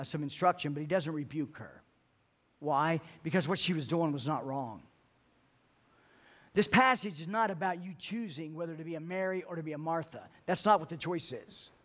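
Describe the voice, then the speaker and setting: A man's voice: a little high, fairly bright tone. Earnest man preaching a sermon. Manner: earnest, repeats words when building to a point. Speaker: pastor.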